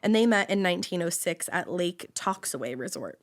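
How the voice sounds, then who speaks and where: A young woman co-hosts a casual true-crime podcast, carrying the story with chatty, sarcastic asides and the odd swear. Her voice sits a little low for a woman. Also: animated, brisk. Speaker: podcast co-host telling the story.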